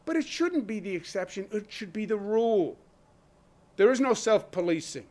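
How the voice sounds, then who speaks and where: A man's voice: high-pitched, big pitch swings, darkish tone. Emphatic man giving a press briefing. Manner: emphatic, rhetorical questions, deliberate pauses.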